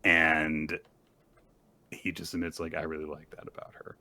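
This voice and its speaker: A man co-hosting a casual recap chat, retelling scenes with lively quoted voices. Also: normal speed, no echo. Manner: animated retelling, jumps high when quoting characters. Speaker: podcast co-host.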